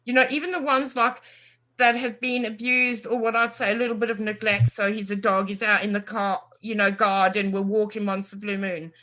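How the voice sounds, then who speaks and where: A woman guest on an interview podcast, a lively storyteller chatting casually and acting out what others say. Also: mid-range voice, normal speed. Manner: lively storyteller, acts out quotes. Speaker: guest, animal communicator.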